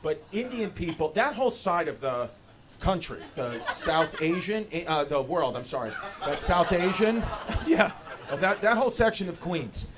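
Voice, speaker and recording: A man's voice: sits high, big pitch swings, normal speed. A male stand-up comedian doing loose, rambling crowd work in a comedy club, saying "dude" a lot. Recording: noisy live club recording.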